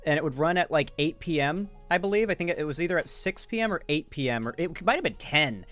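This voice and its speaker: A man's voice: on the high side, animated, fast talker, a bit bright. A young man giving casual, blunt commentary while reacting to a video, rambling and correcting himself as he goes. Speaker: commentary streamer. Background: faint background music.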